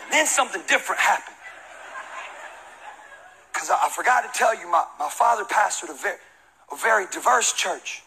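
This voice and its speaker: A man's voice: high voice, normal speed, gravelly, long pauses, a little hiss or hum, poor audio. A man preaching a sermon to a congregation, telling a comic story and acting out the voices of the people in it. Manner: animated, acts out quoted voices, laughs and shouts. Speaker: pastor.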